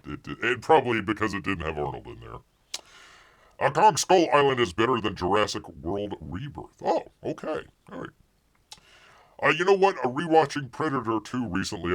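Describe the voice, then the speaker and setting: Low-voiced, lively man hosting a live stream. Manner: rambling, repeats phrases, many fillers. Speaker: live show host. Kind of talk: casual live-stream chat, reading viewer comments.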